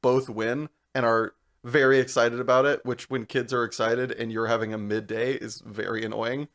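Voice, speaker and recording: Young guy on a podcast, gravelly voice, laughing thru a rambling story. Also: medium pitch, normal speed. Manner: animated, laughs through his story. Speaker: podcast co-host. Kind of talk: casual storytelling chat.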